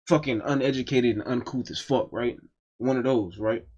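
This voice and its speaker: A man's voice: medium pitch, normal speed, a little mellow, muffled recording. A man telling a personal story in a casual, profane and emphatic storytime monologue.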